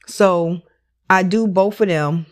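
A woman hosting her own podcast, talking alone in a casual monologue, blunt and animated, swearing freely and leaning on "you know". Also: on the low side, slow. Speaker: podcast host.

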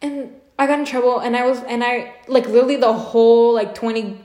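A woman's voice: fairly high pitch, fairly even intonation, brisk, dark tone. A young adult woman co-hosting a podcast, telling a long story in casual chat, filling it with lots of filler words. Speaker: podcast co-host. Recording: echoey room.

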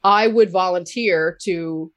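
A woman's voice: on the low side, slow. Outspoken woman with a Cape Breton accent. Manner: candid, laughs loudly, swears freely. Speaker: podcaster guest. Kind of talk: casual interview talk.

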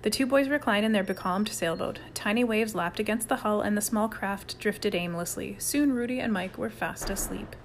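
A woman reading a children's novel aloud in calm, even narration. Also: medium pitch, moderate pace, hardly any pauses, slight background noise. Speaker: audiobook reader. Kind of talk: scripted narration.

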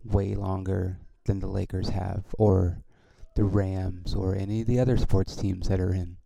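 A man's voice: low voice, level tone, measured pace, gravelly, dark tone, dry recording, highs cut off. A man hosting his own podcast, talking in a casual, rambling way with many restarts and frequent swearing. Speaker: podcast host and comedian.

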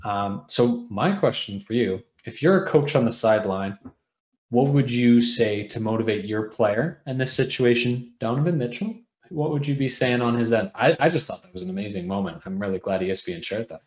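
A man co-hosting a casual sports podcast, relaxed and conversational, asking his co-host questions. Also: mid-range voice, a little fast, roomy sound.

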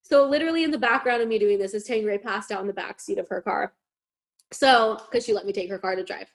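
Animated young woman telling a story. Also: a little high, a little fast. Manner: animated, swearing, heavy use of "like". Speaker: podcast host. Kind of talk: casual storytelling chat.

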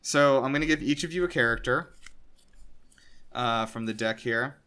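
A man's voice: mid-range voice, normal speed, sharp tone, clear, resonant tone. Young male podcast host, loose and rambling, easygoing jokey delivery. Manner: rambling, filler-heavy, joking. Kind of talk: casual chat.

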